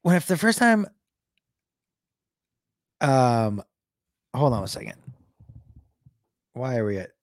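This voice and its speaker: A man with a somewhat high voice tells a story to his live chat, stopping and restarting often and leaning on fillers. The sound is dry and close, with no room echo. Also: a little mellow. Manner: halting, full of restarts and fillers. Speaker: livestream host.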